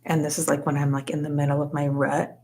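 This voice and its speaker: Young woman, low voice, vocal fry, casual live stream chat, crocheting, chatty with lots of fillers. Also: completely flat delivery, fast, a little mellow, a little hiss or hum. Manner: chatty, says "like" a lot, reads out chat names.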